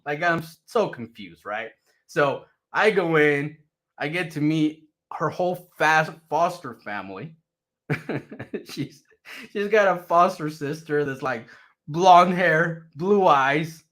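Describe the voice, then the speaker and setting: A man's voice: on the high side, slow pace. A man telling a personal story casually, loose and profane, tagging sentences with "right?". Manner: profane, animated, rhetorical "right?" tags. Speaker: channel host telling his back story.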